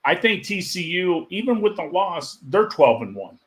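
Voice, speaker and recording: A man's voice: sits high, very animated, normal speed. A man giving blunt, opinionated takes in a casual sports chat. He talks plainly and often chuckles mid-sentence. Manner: opinionated, laughs while talking.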